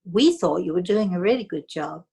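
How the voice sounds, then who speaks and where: A woman voicing a solemn little spirit boy, speaking slowly and repetitively in a soft, hushed way. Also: lowish voice, lively intonation, gravelly, breathy edge, exaggerated voice.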